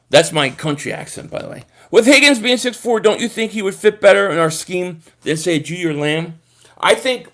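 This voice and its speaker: Man hosting a chatty, high-voiced football stream. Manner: rambling, excitable, repeats words, sings short chants. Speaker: live stream host. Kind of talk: casual live stream chat reading comments.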